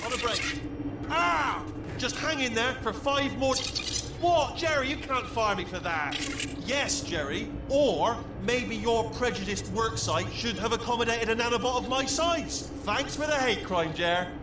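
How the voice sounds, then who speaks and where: A bumbling male robot in a video game, rambling in a flustered way and talking over himself. His voice is high and jumps around in pitch. The audio is echoey, with a loud hum underneath. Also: animated, unhurried.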